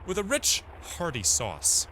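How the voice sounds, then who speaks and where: A man's voice: a little high, huge pitch swings, a little slow, pushed and bright, slight background noise, pitched above the performer's own voice, heavily acted. A man voicing a friendly, food-loving male innkeeper in a video game. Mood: hearty.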